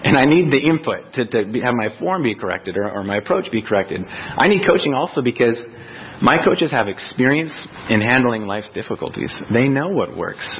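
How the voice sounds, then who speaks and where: A man's voice: mid-range voice, expressive, moderate pace, muffled recording. A man in his thirties, a pastor preaching a conversational sermon and acting out quoted voices. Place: church sanctuary.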